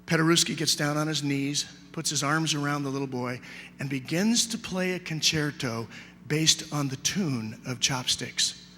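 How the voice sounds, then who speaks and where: A middle-aged man giving an animated sermon to a youth convention, telling a story with big swings from shouts to hushed whispers. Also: a little high, a little slow, a little hiss or hum. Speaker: youth speaker. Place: large convention hall. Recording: live hall recording with long reverb.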